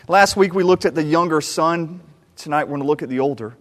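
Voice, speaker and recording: A man from the American South preaching a sermon, animated and storytelling, acting out the characters and repeating phrases for emphasis. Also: a little high, a little fast. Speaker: pastor. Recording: long reverb of a large hall.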